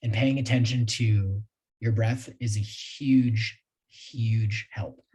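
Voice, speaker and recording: Mellow, husky-voiced man teaching a webinar. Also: on the low side, fairly even intonation, takes it slowly, poor audio. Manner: conversational, with asides and self-deprecating laughs. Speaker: sales trainer presenting a webinar. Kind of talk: casual live webinar talk.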